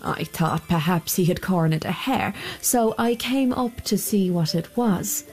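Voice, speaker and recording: A woman voicing a sly, smooth-talking soldier who wheedles and flatters. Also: lowish voice, a little slow, faint music behind, lightly acted. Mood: wheedling.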